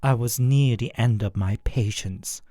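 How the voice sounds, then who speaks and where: A narrator telling a first-person horror story in a scripted, expressive way. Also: medium pitch, unhurried, dry recording, studio quality, soft background music.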